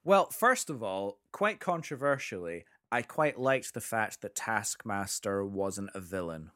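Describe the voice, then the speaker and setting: A man's voice: on the low side, measured pace, no room sound, clean studio sound. A man chatting casually about a film, telling stories with lots of restarts. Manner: animated storyteller, many restarts.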